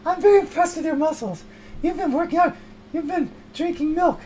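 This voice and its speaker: A man casually explaining the rules of an improvised comedy scene, in a relaxed, joking way. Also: very high-pitched, brisk, a little hiss or hum.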